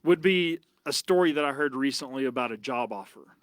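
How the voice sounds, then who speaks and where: A man co-hosting a podcast, telling a story in casual chat with quoted voices and slowed punchlines. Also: medium pitch, animated, dry recording. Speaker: podcast co-host.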